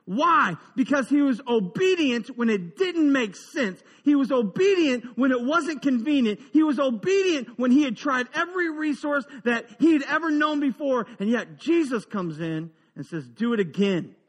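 A man preaching a humorous, conversational sermon, dropping into quiet asides and rising into emphatic build-ups. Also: extremely high pitch, animated, normal speed, hardly any pauses, in a large hall. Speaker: pastor.

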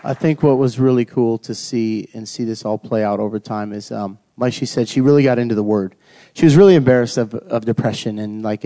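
A man tells his family's faith story in a relaxed, conversational way. His voice is mellow and warm, and he often slips into short quoted asides. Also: mid-range voice, fairly quick, some chatter behind. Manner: casual, earnest, uses quoted asides. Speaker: husband sharing testimony.

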